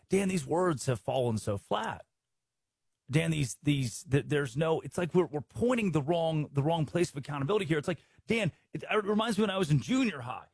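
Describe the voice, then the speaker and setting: A male sports talk host delivering a heated, opinionated monologue. His voice is fairly high and husky, and it swings widely in pitch as he rants. The sound is close and dry, with no room around it. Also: normal speed, no room sound. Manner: animated, ranting, storytelling with repeated restarts.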